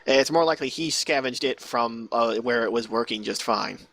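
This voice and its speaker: A man's voice: medium pitch, moderate pace, vocal fry, a bit bright. A man narrating a tabletop game as game master, casual and rambling, swearing freely.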